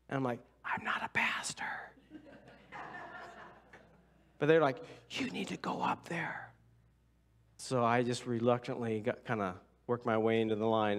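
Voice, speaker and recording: A man preaching as pastor, telling a personal story in a loose, conversational way and acting out the other voices with whispers and asides. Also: medium pitch. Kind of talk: sermon storytelling. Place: church sanctuary.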